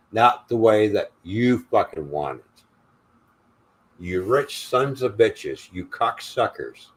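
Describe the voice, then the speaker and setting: An older man hosting a livestream, delivering an angry, profane, defiant rant. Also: fairly low pitch. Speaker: livestream host.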